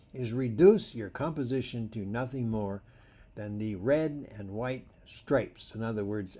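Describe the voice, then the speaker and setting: A male photography instructor gives a presentation, telling workshop stories with animated delivery. His voice is slightly husky and his pitch swings widely. He acts out the dialogue as he goes. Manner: animated storytelling, acting out dialogue.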